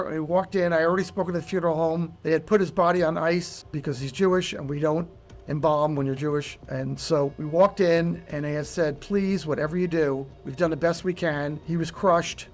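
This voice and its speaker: A middle-aged man speaks with a fairly high voice. He tells a deeply personal story in an earnest, halting way, and his voice falls quiet and low when the memories hurt most. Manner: earnest, halting, voice dropping low and soft at painful moments. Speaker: bereaved father and charity founder.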